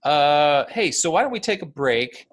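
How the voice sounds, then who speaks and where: A New Jersey man in his thirties hosts a podcast in casual chat, joking, laughing often and slipping into goofy voices. His voice runs high and sing-song, a bit bright, at a measured pace.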